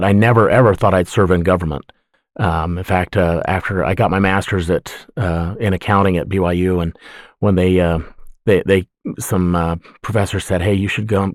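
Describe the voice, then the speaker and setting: Middle-aged man, lowish voice, dry close mic, easygoing self-deprecating guest with lots of ums. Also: no room sound. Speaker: podcast guest. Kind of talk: casual interview talk.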